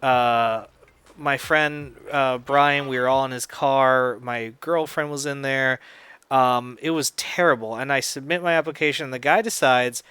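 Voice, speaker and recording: A man's voice: mid-range voice, fairly even intonation, unhurried, bright, forceful tone, clear, resonant tone, dry recording. A man in his thirties casually telling a rambling story while playing a game, full of fillers and quoted dialogue, on a close desk mic. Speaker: gaming video host.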